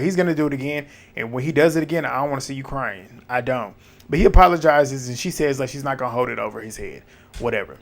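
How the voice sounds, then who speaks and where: A man casually recapping a reality dating show, retelling scenes with lively quoted dialogue and blunt asides. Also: medium pitch. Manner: animated retelling with quoted back-and-forth and asides.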